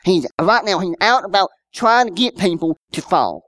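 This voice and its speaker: A man's voice: sits high, animated, moderate pace, fairly bright tone, dry recording, studio quality. A man, preaching a sermon in a conversational style with rhetorical questions and personal stories. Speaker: pastor.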